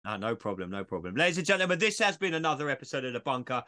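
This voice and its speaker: Fast, lively man hosting a podcast. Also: mid-range voice. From England. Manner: animated, joking, swears freely. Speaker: podcast host. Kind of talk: casual podcast chat.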